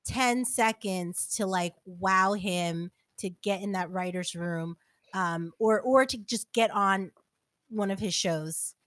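A woman's voice: mid-range voice, slow pace, a bit bright, no echo, clean studio sound. A woman hosting a podcast, chatting casually and playfully with a guest. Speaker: podcast host. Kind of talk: casual chat.

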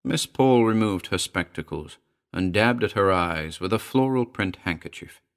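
A man narrating an audiobook in an expressive storytelling manner. His voice is very deep, with a wide, lively rise and fall. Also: moderate pace.

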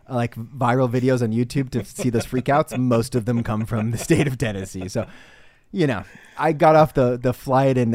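Animated man telling a story, dry sound. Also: mid-range voice, dry recording. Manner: animated storytelling with laughs and restarts. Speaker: podcast co-host. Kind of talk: casual podcast chat, storytelling.

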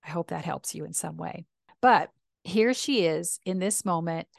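Gravelly woman telling stories. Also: on the low side, measured pace, dry recording, studio quality. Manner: warm storytelling, confessional, with acted quotes. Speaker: podcast host and reverend. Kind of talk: personal reflective talk.

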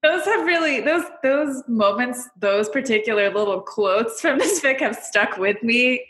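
A woman's voice: on the high side, animated, unhurried, fairly bright tone, roomy sound. A woman co-hosting a podcast in casual chat, with a dry, wry humor. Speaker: podcast co-host.

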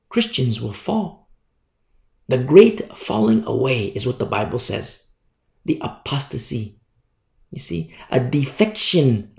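Impassioned male pastor, gravelly, echoing hall, emphatic repetition. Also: lively intonation, a little slow. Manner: impassioned, emphatic preaching with big swings in pitch and loudness; repeats words for emphasis, acts out quoted voices. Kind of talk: sermon.

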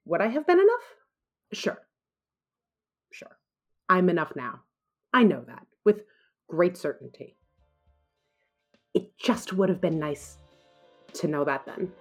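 A woman in her thirties telling an earnest, self-deprecating personal story, then answering questions about it. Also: fairly low pitch.

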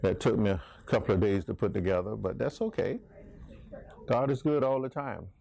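Lively Bible class leader. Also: mid-range voice, moderate pace, gravelly. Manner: animated, questioning, jokey asides. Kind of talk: interactive Bible class teaching.

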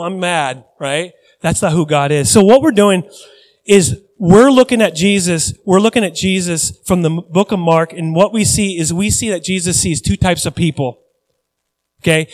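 Middle-aged pastor, earnest sermon delivery, slightly high voice, builds to emphatic refrains. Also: male voice.

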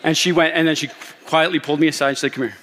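A man in his thirties preaching a sermon in a church, telling a story in an animated way and laughing often. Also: a little high, racing. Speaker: pastor. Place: church sanctuary. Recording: long hall reverb.

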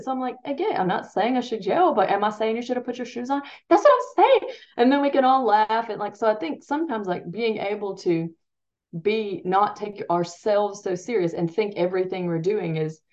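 A woman parenting coach chats in a loose, rambling way, often restarting her thoughts and laughing at herself. Her voice sits at a middle pitch, and the recording sounds a bit dull and lo-fi. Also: a little mellow. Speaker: parenting coach and podcast guest. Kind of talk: casual conversational interview.

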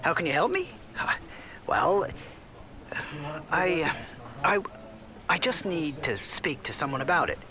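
A woman's voice: low-pitched, sing-song, takes it slowly, pauses often, a crowd in the background, voice pushed down, full character voice. Woman doing an exasperated male caller. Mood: worried. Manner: frustrated, complaining.

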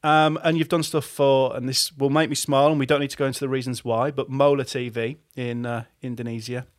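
A man's voice: mid-range voice, flat delivery, fairly quick, dry recording, studio quality. A man hosting a podcast, teasing his guest with self-deprecating banter. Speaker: podcast host. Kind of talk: casual chat.

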